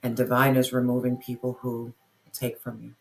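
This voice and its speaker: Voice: medium pitch, completely flat delivery, moderate pace, vocal fry. A tarot reader giving an earnest reading straight to the listener, often repeating phrases and asking spirit questions aloud. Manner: asks spirit questions aloud while drawing cards. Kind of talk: tarot reading addressed to viewers.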